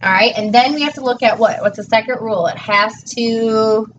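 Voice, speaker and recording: A woman's voice: a little high, normal speed, a bit bright. A woman teacher tutoring a child one-on-one in a patient, encouraging way, praising each answer. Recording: distant dull mic with faint noise.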